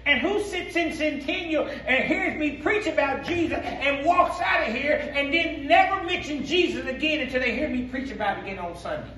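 A male pastor with a Black speech pattern preaches in a call-and-response style, his high voice climbing into shouts. He sounds set back from the microphone, and the sanctuary echoes around every line. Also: animated, normal speed, few pauses, recorded from a distance, a little hiss or hum. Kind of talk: sermon. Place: church sanctuary.

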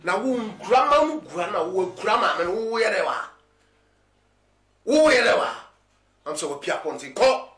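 A man's voice: high-pitched, very animated, normal speed, long pauses, a crowd in the background. An actor playing a brash man who mocks and repeats his words in a home quarrel, with a Ghanaian accent. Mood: mocking. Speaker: actor in a film scene. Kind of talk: Ghanaian film acting. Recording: echoey room with music.

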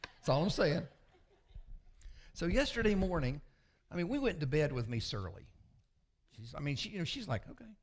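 A man, a pastor preaching a sermon with folksy, confessional storytelling that often sinks to a low murmur. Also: very animated, normal speed, pauses often, slight background noise. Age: 60s.

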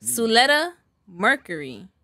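A woman's voice: a little high, sing-song, a little slow, gravelly, pushed and bright, no room sound. A woman co-hosting a podcast, announcing award categories and teasing her co-hosts in casual chat.

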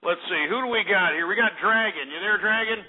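A high-pitched man runs a call-in radio show with a brash, ranting delivery, berating callers and barking orders to dump them. His voice comes through a thin, phone-like band that strips out the lows and highs. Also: a little fast. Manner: ranting, insulting, hangs up on callers. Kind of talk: abrasive call-in show hosting. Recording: lo-fi phone-like internet radio audio.

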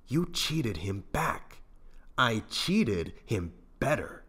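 A man's voice: medium pitch, big pitch swings, drawn-out words, fairly bright tone, slightly rough, voice pushed up, heavily acted. A man voicing a stubborn, sarcastic middle-aged smuggler in a fan audiobook reading. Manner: sarcastic, grumbling.

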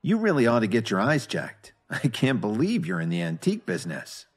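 A man's voice: medium pitch, huge pitch swings, a little fast, breathy edge. A man voicing a confident young man who mocks others and speaks with scorn. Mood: mocking. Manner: mocking, confident.

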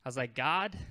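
A man in his twenties does stand-up at a comedy club, staying conversational and self-deprecating while acting out bits of dialogue. His voice sits on the high side, pushed, bright, and smooth.

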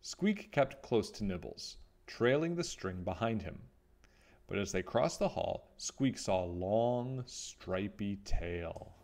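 A man reading a children's picture book aloud, with expressive storytelling. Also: on the low side, takes it slowly.

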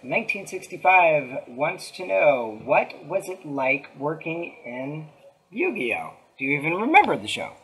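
Brief: woman host, lowish voice, lively melody, reads viewer questions. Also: measured pace, rough recording. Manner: brief backchannel replies, relays viewer questions. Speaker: stream host.

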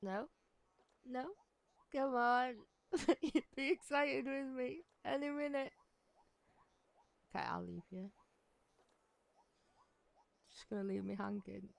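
A woman chatting casually on a game live stream, excitable and giggly, with lots of likes and ums. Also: sits high, slow pace, gravelly, pauses often. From United Kingdom.

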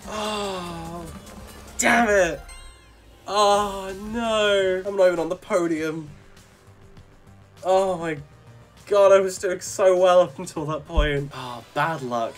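A young man commentating while he plays a racing game, excitable and quick to yell and laugh at his wins and crashes. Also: sits high. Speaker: gaming video creator. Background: faint game music.

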